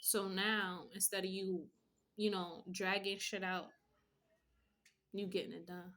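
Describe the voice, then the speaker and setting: A woman's voice: medium pitch, flat delivery, a little slow, fairly bright tone. A woman giving a casual tarot reading with a blunt, profane pep-talk manner. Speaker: tarot reader.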